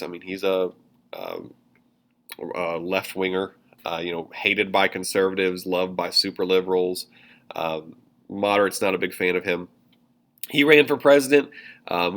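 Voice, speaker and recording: A man's voice: lowish voice, fairly bright tone. A man teaching a government class in a casual, chatty way, with many fillers and asides, from Indiana. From Indiana, USA. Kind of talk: classroom lecture notes.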